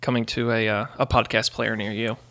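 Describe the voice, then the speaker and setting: A male podcast co-host in casual chat, telling a story in an animated, expressive way. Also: on the low side, a little fast.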